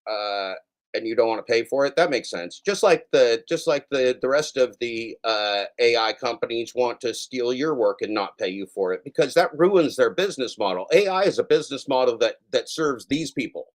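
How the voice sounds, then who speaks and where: A man hosting a daily show in a casual, profane rant, swinging between yelling and soft apologies. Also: medium pitch, animated, normal speed.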